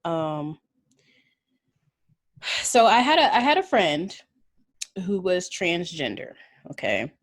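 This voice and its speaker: A slightly tipsy woman tells a story in a casual podcast chat, with a lower voice than most. She talks loosely, laughs, fills pauses with ums and swears freely. The sound is close and dry with no room around it. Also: big pitch swings, dry recording. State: a little tipsy. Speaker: podcast co-host.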